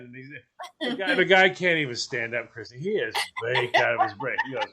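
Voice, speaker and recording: Man, casual chat, acts out his story, bright tone, somewhat high pitch. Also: quick pace, a little hiss or hum. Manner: animated, acts out the people in his stories.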